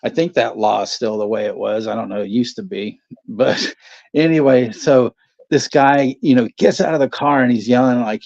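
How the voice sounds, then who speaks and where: Man, gravelly and low-fi, loose rambling storyteller who swears a lot, casual stream chat. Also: moderate pace, darkish tone. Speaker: channel host. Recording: dull lo-fi stream audio.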